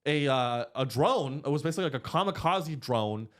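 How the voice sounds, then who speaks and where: A man hosting a studio podcast, telling provocative jokes in a deadpan, casual way. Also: a little high, brisk. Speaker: comedian podcast host. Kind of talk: casual comedic chat.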